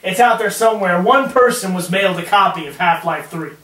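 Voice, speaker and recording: High-voiced joking man on a podcast. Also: fairly quick, fairly bright tone. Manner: joking, laughs easily. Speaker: podcast co-host. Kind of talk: casual gaming podcast chat. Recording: echoey room, far from mic, faint noise.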